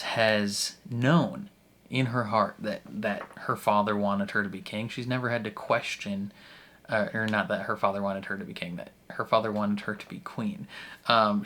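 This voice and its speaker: A man's voice: on the low side, fairly bright tone. A man hosting a reaction video, talking through an episode in a rambling, casual way, full of "like" and restarts and laughing often as he goes. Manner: rambling, filler-heavy with frequent "like" and restarts.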